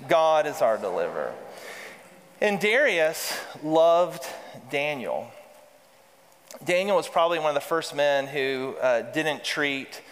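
A man's voice: on the high side, takes it slowly, a bit bright. A man preaching a sermon as pastor, reading scripture aloud with emphasis and calling the congregation to repeat lines back. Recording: reverberant hall.

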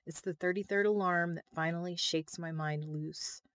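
A woman's voice: lowish voice, steady tone, moderate pace, a bit bright, no room sound. A woman, the author, reading her novel as first-person audiobook narration, intimate and emotional, on a close mic.

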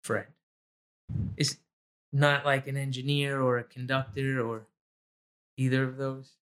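A man's voice: mid-range voice, completely flat delivery, measured pace, a bit bright. A man running a casual trivia quiz with a friend, playful and teasing, laughing often. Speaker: trivia quizmaster. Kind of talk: casual chat.

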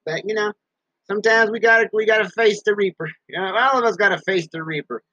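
Casual male host who rambles from his basement, high bright voice, dry muffled sound. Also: quick pace, no room sound. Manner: talks about himself in third person, repeats words. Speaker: podcast host.

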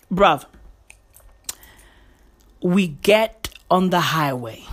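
A woman tells a story in a casual vlog. She talks in a lively way, swears freely and keeps her voice half-whispered because it is early morning at home. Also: medium pitch, very slow, pauses often. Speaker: vlogger.

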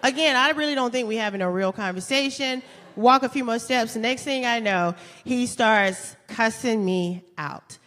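A woman's voice: a little high, moderate pace, fairly bright tone. A woman telling a funny personal story on stage, laughing through her punchlines. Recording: roomy hall reverb.

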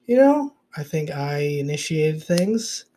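A man's voice: on the high side, very animated, slow, dark tone, a little hiss or hum. A man hosting a casual solo podcast, talking in a rambling, confessional way and swearing often, recorded on a phone. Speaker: podcast host. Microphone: iPhone recording.

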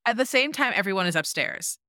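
A young woman co-hosting a podcast tells a reality-show story in casual chat, talking quickly at a medium pitch. She's animated, acting out what people said with lots of "like." The studio sound is clean with no echo.

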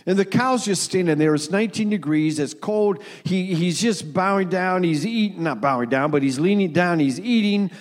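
A man's voice: high-pitched, normal speed, hardly any pauses. A middle-aged man preaching a sermon in an earnest, folksy way, repeating words and using many fillers. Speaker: pastor.

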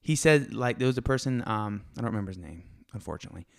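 Excitable man on a solo podcast. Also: fairly low pitch, gravelly. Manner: fast, excitable, animated storytelling. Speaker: podcast host. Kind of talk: casual solo podcast talk.

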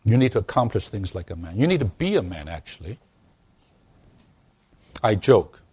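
A man's voice: fairly low pitch, very animated, fast, a little mellow, husky. A man preaching a sermon to a congregation, emphatic, often restarting his words and asking them rhetorical questions. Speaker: pastor.

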